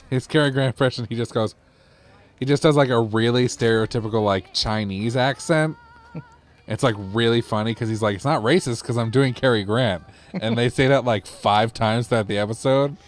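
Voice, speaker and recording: A man's voice: mid-range voice, moderate pace. Rambling casual man telling a story. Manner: rambling storyteller, laughing at his own anecdotes; casual, loose, swears freely. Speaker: let's play co-host. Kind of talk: casual gaming chat.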